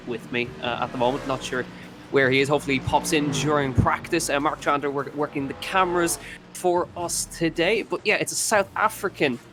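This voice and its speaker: A man's voice: a little high, steady tone, brisk, music in the background. A man with an Irish accent doing live commentary on a sim racing event, chatty with frequent fillers and self-corrections.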